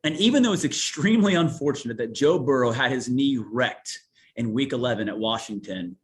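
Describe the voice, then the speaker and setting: A man from Newark, Ohio, with a Central Ohio accent, a TV sportscaster talking as a guest in an animated, folksy way. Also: medium pitch, a little fast. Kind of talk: casual sports interview.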